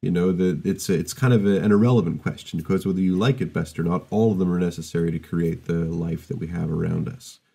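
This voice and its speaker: A man, a university lecturer, giving a recorded open day presentation in a thoughtful, measured way with frequent fillers and restarts. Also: deep voice, steady tone, gravelly, dark tone, breathy edge.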